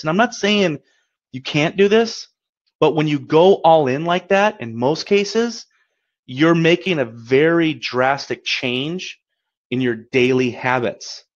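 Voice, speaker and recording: A man with a fairly high voice coaches a webinar in an upbeat, encouraging tone, chatting and checking in with "right?". The audio is dull and lo-fi. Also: expressive, takes it slowly. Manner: upbeat, encouraging, conversational, often asks "right?". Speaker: credit repair coach. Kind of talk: webinar presentation.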